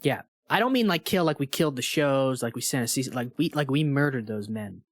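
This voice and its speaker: A man's voice: mid-range voice, expressive, a little fast. A man co-hosting a podcast, reacting with short wry remarks and introducing the show. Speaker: podcast co-host. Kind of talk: casual podcast chat.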